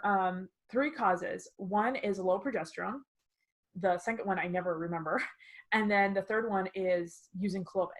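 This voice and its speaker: Chatty woman in her twenties telling a story. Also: medium pitch. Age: 20s. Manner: animated storyteller, laughs often, acts out voices in quotes. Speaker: podcast co-host. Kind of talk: casual podcast storytelling.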